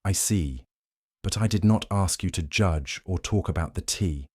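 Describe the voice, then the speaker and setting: A man voicing a calm, gentle old woman serving tea in a sleep story, speaking quietly and unhurried. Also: low-pitched, slightly rough, no room sound, studio quality.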